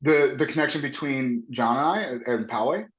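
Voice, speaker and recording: In an echoey room, a man in his thirties who coaches wrestling speaks at a moderate pace in a mid-range voice. During a casual interview he tells lively stories, animatedly imitating the people he quotes.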